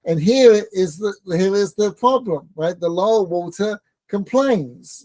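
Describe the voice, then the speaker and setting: A man's voice: high-pitched, animated, measured pace, darkish tone, no echo. A man teaching a Torah class in a conversational, joking way, often asking his listeners questions. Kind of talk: informal Torah lesson with banter.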